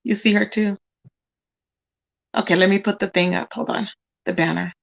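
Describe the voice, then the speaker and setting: A woman's voice: mid-range voice, steady tone, normal speed, creaky, lo-fi sound. A woman hosting a casual livestream, chatting straight to her viewers and calling them "y'all" and "child". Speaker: livestream host.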